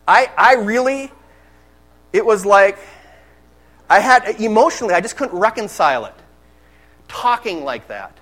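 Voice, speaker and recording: A man's voice: high voice, animated, unhurried, long pauses, a bit bright, low-quality recording. A man preaching a sermon in a candid, conversational storytelling manner.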